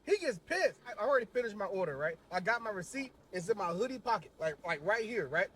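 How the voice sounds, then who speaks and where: A man telling a funny story in a casual, animated way, acting out the people in it. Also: high voice, fast talker, slightly rough. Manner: animated, acts out voices in his story. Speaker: storyteller in a TikTok clip.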